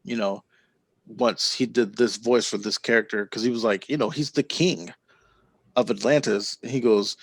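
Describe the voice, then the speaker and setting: Gravelly, dry-voiced male podcast host. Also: medium pitch, fairly even intonation, dry recording. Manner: rambling storyteller, quick to laugh. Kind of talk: casual podcast chat.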